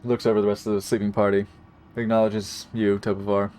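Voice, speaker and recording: A man's voice: lowish voice, flat delivery, fairly quick, darkish tone, slight background noise. A man running a live tabletop game as dungeon master, talking in a rambling, laid-back way with lots of fillers.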